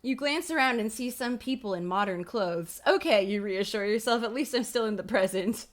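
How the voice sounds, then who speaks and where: A woman's voice: fairly high pitch, normal speed. A woman hosting a livestream, reading a children's horror book aloud with playful, giggly commentary and casual swearing, on a streaming mic at home. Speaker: livestream host. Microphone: streaming microphone.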